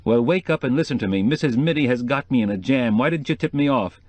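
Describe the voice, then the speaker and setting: A man playing a stern, gruff reporter. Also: medium pitch, expressive, fast talker, darkish tone, no room sound, voice pushed up, lightly acted. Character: stern, indignant male newspaper reporter.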